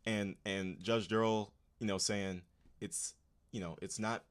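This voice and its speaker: A man's voice: lowish voice, steady tone, unhurried, clean tone. A man hosting a casual livestream, talking straight to his chat in laid-back slang. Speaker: livestream host.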